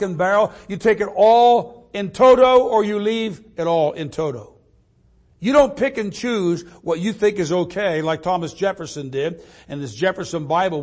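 An older man preaching a sermon as a pastor, quoting scripture in old-fashioned wording with emphatic rises and drops. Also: high-pitched.

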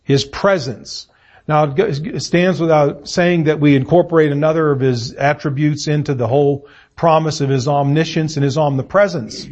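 A middle-aged man preaching an evening sermon in a church room, reading scripture and stressing words deliberately with fillers and pauses. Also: a little high, darkish tone. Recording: muffled lo-fi sermon recording.

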